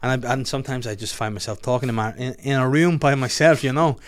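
A man's voice: mid-range voice, steady tone, quick pace. Laughing, swearing male podcast host. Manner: jokey, laughs often, swears freely, slips into impressions. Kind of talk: casual podcast chat.

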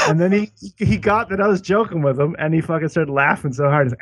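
A man's voice: a little high, a little fast, no echo. Profane rambling male podcast storyteller. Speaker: podcast co-host. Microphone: video call.

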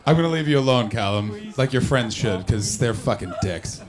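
A man's voice: medium pitch, expressive, moderate pace, music in the background. A man doing stand-up crowd work on a comedy club stage. He is brash and profane, and he teases audience members. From not from the UK.

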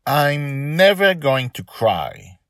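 A man's voice: a little high, sing-song, slow, a bit bright, no room sound, clean studio sound, voice pushed up, heavily acted. A man voicing a small, stubborn dragon girl who talks in an insistent, childlike way.

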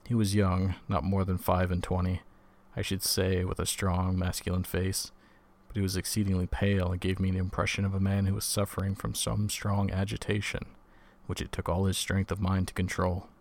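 A man reading a story aloud in a measured, even way, lightly voicing the dialogue. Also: sits low. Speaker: audiobook reader. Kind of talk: scripted narration.

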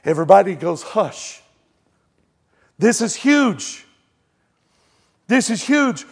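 High-voiced man preaching conversationally. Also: big pitch swings, unhurried, creaky, husky. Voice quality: blind in one eye. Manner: conversational preaching, building to shouted quotes. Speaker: pastor. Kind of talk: sermon.

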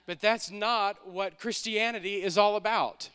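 Male pastor, sermon: high, bright, clear voice, impassioned repeating cadence, church hall reverb. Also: steady tone. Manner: impassioned, repetitive preaching cadence with slowed emphatic lines. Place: church sanctuary.

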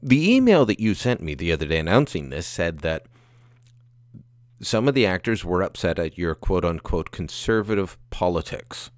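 A man's voice: low voice, big pitch swings, normal speed, dry recording, studio quality. A man hosting a podcast interview, asking pointed questions in a conversational way. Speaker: podcast host.

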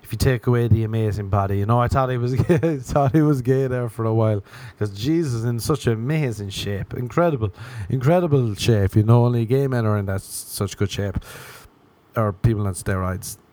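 A man with an Irish accent hosts his own podcast, rambling through a self-mocking comic monologue and slipping into acted inner voices. His voice is medium in pitch, warm, and a little fast.

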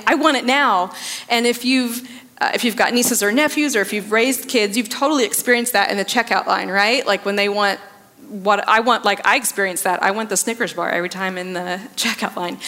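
Woman in her 30s giving a sermon, talks to the crowd, a bit high, big echoey hall. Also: a bit bright. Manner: engaging, asks the audience to respond; laughs at her own jokes. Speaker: speaker at a church service. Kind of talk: sermon on faith and finances. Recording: reverberant hall.

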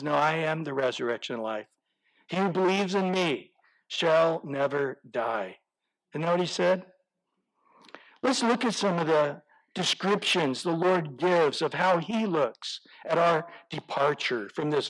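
A man's voice: on the high side, a bit bright, rough recording. A man preaching a sermon, reading scripture aloud and asking rhetorical questions. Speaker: pastor.

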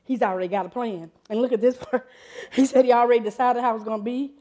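A woman in her fifties preaching a sermon in an animated, excitable way, often laughing and jumping up in pitch. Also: fast talker. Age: 50s.

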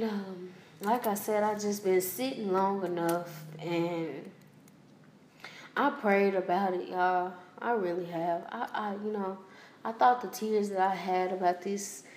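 A woman talks through a painful personal story on her podcast, halting and restarting often as she fights back tears. Her voice sits at an ordinary middle pitch. The room around her is echoey. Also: steady tone, a little mellow, a little hiss or hum. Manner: halting, emotional, many fillers and restarts. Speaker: podcast host.

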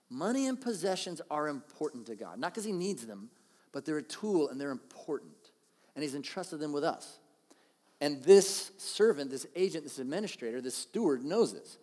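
A middle-aged man preaching a sermon in a casual, conversational way, acting out quoted lines with lively shifts of voice. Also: medium pitch, normal speed, long reverb tail. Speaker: pastor.

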